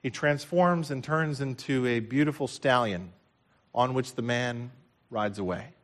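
A man preaching a sermon as pastor, impassioned, swinging from loud declarations to hushed, and repeating phrases for emphasis. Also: medium pitch, a little slow.

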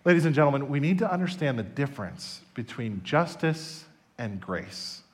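A man pastor preaching a sermon, telling stories in an animated, emphatic way. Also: medium pitch, normal speed.

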